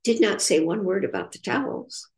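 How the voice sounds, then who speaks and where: An older woman, an author in recovery, telling a personal story in a reflective, halting, earnest way. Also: medium pitch.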